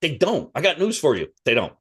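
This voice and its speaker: A man's voice: fairly high pitch, huge pitch swings, fairly quick, fairly bright tone, husky. Heated, profane man ranting on a podcast. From Italian-American. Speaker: podcast co-host. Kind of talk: casual chat.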